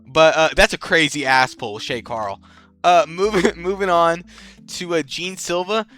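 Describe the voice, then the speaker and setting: Slightly high and sharp-toned, this young channel host rambles through a relaxed tier-list rundown full of slang. He curses without restraint and cracks himself up with his own jokes.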